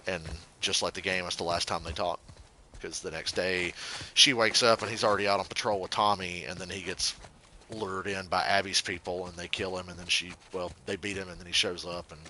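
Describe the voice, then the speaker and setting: A man's voice: deep voice, steady tone, fairly quick, bright, forceful tone, slight background noise. A man giving casual gameplay commentary, rambling and swearing freely, and getting heated as he goes. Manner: rambling, profane, gets heated. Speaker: let's play gamer.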